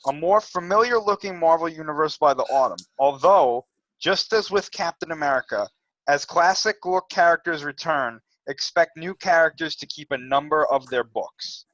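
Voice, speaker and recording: A man co-hosting a casual podcast, talking things through in a measured way with frequent fillers and reading from an article. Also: a little high, a bit bright, no room sound, dull audio. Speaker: podcast co-host. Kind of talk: casual chat.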